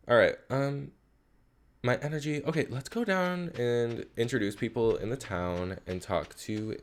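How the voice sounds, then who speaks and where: A man's voice: fairly low pitch, a bit bright. A man streaming a game live, chatting casually and rambling with his viewers. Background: game music.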